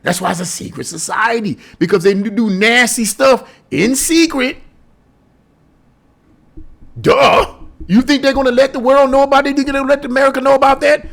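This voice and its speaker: A male commentator with a high voice talks straight to his viewers in a casual opinion vlog. He is emphatic and scoffing, firing off rhetorical questions and repeating his points for weight. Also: normal speed, gravelly, fairly bright tone. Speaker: political commentator.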